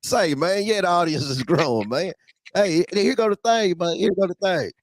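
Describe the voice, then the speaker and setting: A man hosting a casual talk show about trucking, blunt and animated, talking in street slang and often laughing. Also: high voice, normal speed, no echo, studio quality.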